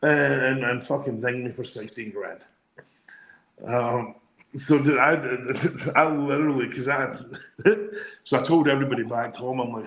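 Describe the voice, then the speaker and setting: A man's voice: medium pitch, a little slow, a bit bright, roomy sound, rough recording. Scottish man telling profane stories. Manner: profane, laughing anecdotes. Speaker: guest, former wrestler. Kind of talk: casual storytelling.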